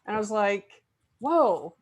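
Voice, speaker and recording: A middle-aged woman guest on a podcast, telling a lively story with frequent laughs. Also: mid-range voice, slow, muffled recording. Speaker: guest actress. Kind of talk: podcast interview chat.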